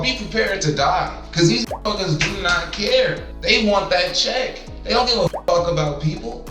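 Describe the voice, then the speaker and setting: A man's voice: high-pitched, pushed and bright. Young male vlogger, profane exasperated rant, distant echoey recording with faint music. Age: young adult. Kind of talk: casual ranting vlog.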